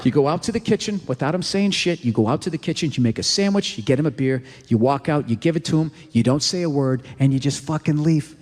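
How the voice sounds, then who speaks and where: A man's voice: fairly high pitch, fast, hardly any pauses, long reverb tail, heavy background noise. A male stand-up comedian delivering a ranting, profane routine.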